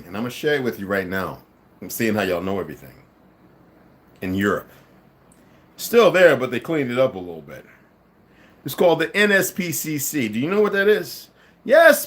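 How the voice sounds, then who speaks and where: Combative man, lively swinging pitch. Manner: combative, swings from low mutters to loud emphatic outbursts. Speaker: livestream commentator. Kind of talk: live monologue to viewers.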